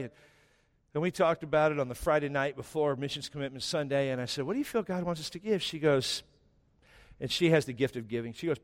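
A middle-aged male pastor preaching a sermon in a church, telling stories with rising emphasis. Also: fairly high pitch. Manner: animated storytelling with rising emphasis. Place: church sanctuary. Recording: long church reverb.

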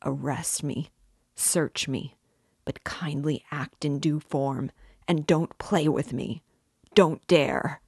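A proud young man boils over with fury and demands to be left alone, as a woman reads him aloud. The delivery is low and unhurried, even in anger. The sound is dry and close. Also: creaky, breathy edge, no echo, heavily acted. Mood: defiant. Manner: defiant, demanding outbursts. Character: furious, haughty young male suspect. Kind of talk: audiobook reading.

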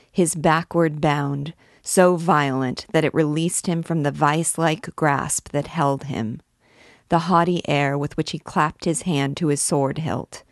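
A woman hosting a read-along, reading a classic novel aloud in a measured, steady manner. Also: deep voice, dry recording, studio quality.

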